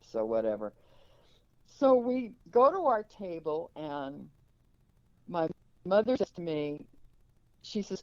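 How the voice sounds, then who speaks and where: An older woman with a low voice tells a story as an interview guest. She slips into the voices of the people she quotes. The recording sounds dry and somewhat dull. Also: slow pace, long pauses, no echo. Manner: lively, acts out quoted dialogue. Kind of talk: anecdotal storytelling.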